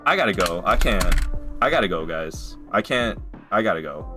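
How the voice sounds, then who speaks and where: A man's voice: low voice, expressive, normal speed, music in the background. A young man streaming a game, chatting casually and swearing freely, working himself up into heated rants.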